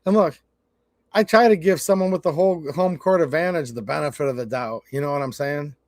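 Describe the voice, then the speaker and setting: A man's voice: a little high, fairly quick, dry recording, clean studio sound. A man from Michigan with a Michigan accent, hosting a casual livestream rant, blunt and swearing as he tells stories. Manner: blunt, swearing, storytelling with quoted exchanges. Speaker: channel host.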